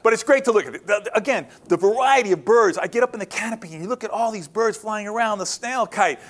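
An animated, quick-talking man tells wildlife stories to a crowd. His voice sits high for a man, and he acts out each quote, then dips into hushed asides. It is a lively presentation in a hall. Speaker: wildlife photographer giving a talk.

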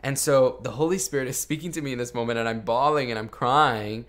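A man's voice: medium pitch, fairly quick, a bit bright. A young man hosting a podcast, telling a personal story in an earnest, confessional way with lots of "like". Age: young adult. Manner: earnest and confessional, heavy use of "like". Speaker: podcast host. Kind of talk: casual storytelling.

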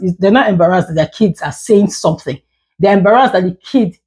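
A woman's voice: on the low side, darkish tone. Frustrated mother ranting to camera. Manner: frustrated, emphatic, repeats words when heated. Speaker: parent vlogger. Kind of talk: candid talking-head rant.

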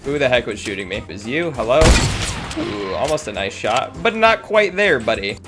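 A man giving live commentary on his own video game match, reacting loudly and talking to his opponents. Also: mid-range voice, moderate pace, loud music behind the voice. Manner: excitable, jumpy reactions, talks to opponents. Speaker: gaming YouTuber.

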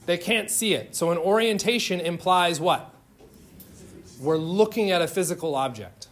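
Joking chemistry lecturer, raised pitch. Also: male voice, moderate pace. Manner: informal, joking, questions to students. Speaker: chemistry instructor. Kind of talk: classroom lecture. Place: lecture classroom.

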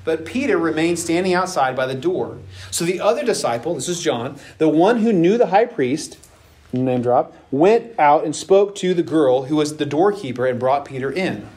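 A man teaching a casual Bible lesson to young adults, retelling the story with lively acted-out voices. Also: fairly high pitch, moderate pace. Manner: animated storytelling, acts out voices with laughs.

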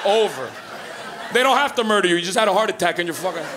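A man in his thirties from Canada doing stand-up in a comedy club, loud and profane, acting out stories. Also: high voice, racing, crowd noise, background noise. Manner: loud, profane, storytelling with acted-out voices. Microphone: handheld stage mic.

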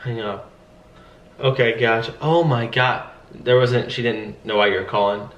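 A man's voice: medium pitch, fairly even intonation, normal speed, a bit bright, highs cut off. Man coaching sales calls, roomy sound. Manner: acts out upbeat phone greetings. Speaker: sales trainer. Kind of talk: casual coaching.

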